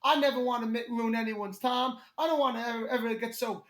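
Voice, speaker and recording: A man's voice: extremely high pitch, steady tone, fast talker, a bit bright, roomy sound. A man voicing a rambling, over-apologetic drunk man in his sixties as he retells a story on a comedy podcast. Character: drunk sixty-year-old man apologizing after being thrown out of a bar.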